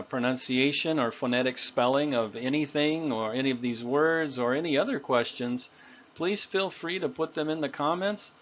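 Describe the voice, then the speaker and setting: A man teaches pronunciation at a very slow, deliberate pace, stretching out example phrases so learners can repeat them. His voice sits at an ordinary middle pitch. The recording is a little dull and lo-fi. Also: fairly bright tone. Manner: patient, over-enunciates example phrases for repetition.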